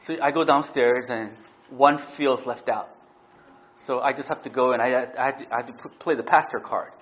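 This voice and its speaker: A middle-aged man preaching a sermon as pastor, telling stories animatedly and often asking "right?". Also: medium pitch. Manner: animated storytelling, frequent "right?" tag questions. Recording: dull lo-fi sound.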